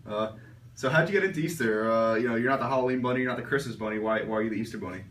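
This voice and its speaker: A man's voice: mid-range voice, racing, a bit bright. A man playing an interviewer in a comedy sketch, firing off questions like a mock reporter. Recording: echoey room, mic far off.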